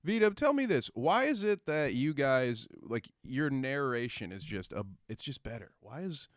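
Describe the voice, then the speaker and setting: A man talks in an animated, sarcastic way, swearing and reading out viewer comments as a podcast co-host. His medium-pitched voice is recorded close and dry, with no room sound. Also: unhurried, no room sound. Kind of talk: casual chat.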